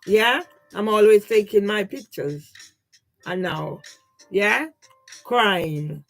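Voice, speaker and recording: The audio is poor, with soft background music beneath a slow, creaky, medium-pitched voice. This older woman, a vlogger, wanders through her personal photos in a grieving, aggrieved ramble, over and over asking "yeah?"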